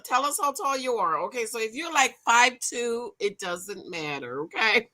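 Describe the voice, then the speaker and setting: A woman's voice: fairly high pitch, expressive, moderate pace, hardly any pauses, sharp tone. A middle-aged woman hosting a casual livestream, reading viewer comments and laughing as she talks straight to her viewers.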